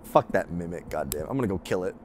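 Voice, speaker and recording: A man commentating his own gameplay, swearing and yelling in frustration. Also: deep voice, fast talker. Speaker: let's play gamer. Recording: steady background noise.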